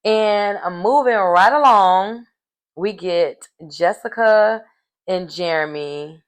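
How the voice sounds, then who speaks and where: A woman giving a sassy, animated casual recap of a reality show, calling her listeners "baby" and "honey" and laughing as she goes. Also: medium pitch, slow pace. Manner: sassy, animated storytelling with terms of endearment; laughs mid-sentence.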